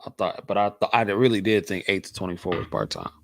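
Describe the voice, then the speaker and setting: Man from Michigan, low voice, dry close sound, easygoing livestream host who repeats himself for emphasis. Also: fast talker, gravelly, dry recording. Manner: laid-back, repeats points for emphasis. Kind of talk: casual livestream chat answering viewers.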